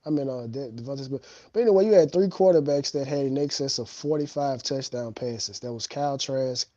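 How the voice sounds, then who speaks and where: A man co-hosting a sports talk show, laying out his case in a measured, analytical way. His voice is mellow and a bit high. The sound is dry, slightly dull and lo-fi. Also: no room sound. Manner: measured, analytical, pauses to recall names. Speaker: show co-host. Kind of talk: sports debate.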